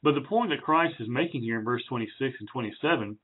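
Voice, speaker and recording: A man's voice: mid-range voice, fast. Guy preaching a bible study, laid back with lots of uhs, sounds like a phone line. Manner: relaxed, chatty, with fillers and self-corrections. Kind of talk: conversational Bible teaching.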